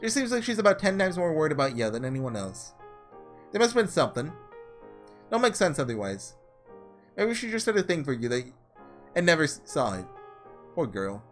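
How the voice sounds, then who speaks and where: A man's voice: fairly high pitch, big pitch swings, brisk, pauses often, soft background music. A man voicing a scornful young man from the slums, speaking in a slangy, mocking drawl.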